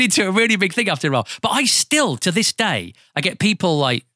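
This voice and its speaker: Lively Northampton man telling radio stories. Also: high-pitched, quick pace, hardly any pauses. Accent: Northampton English. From England. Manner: animated storyteller, acts out voices, swears freely. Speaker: radio presenter guest. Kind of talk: casual podcast interview.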